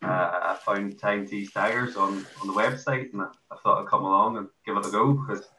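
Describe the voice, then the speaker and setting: A man's voice: lowish voice, steady tone, brisk, sharp tone, echoey room, distant mic, a little hiss or hum, rough recording. An Irish man being interviewed as a guest about playing amateur football, chatty with playful boasts. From Ireland. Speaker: guest, amateur footy ruckman. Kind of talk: casual podcast interview.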